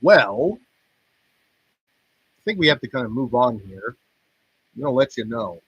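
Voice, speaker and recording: Rambling man with a husky voice. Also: medium pitch, sing-song, a little slow, fairly bright tone, dry recording, lo-fi sound. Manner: loose, rambling, swearing and joking. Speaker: podcast host reacting to wrestling results. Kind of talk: rambling casual commentary.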